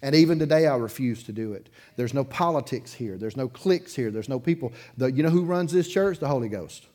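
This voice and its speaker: A man preaching a sermon as pastor in his church, telling a story in a loose, conversational way, chuckling between sentences and swinging from loud bursts to quiet asides. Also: mid-range voice, lively intonation, a little fast. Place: church sanctuary, in front of a congregation.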